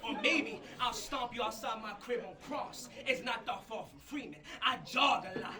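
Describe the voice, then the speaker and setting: A man's voice: very high-pitched, moderate pace, very noisy. A man performing boastful, aggressive battle rap verses to a live crowd in an upper-floor campus venue. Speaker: battle rapper. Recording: distant mic with loud crowd.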